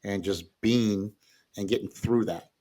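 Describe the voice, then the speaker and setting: Man, podcast co-host, lowish voice, relaxed casual talk, reads from notes. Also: unhurried. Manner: relaxed, works from handwritten notes, short affirmations.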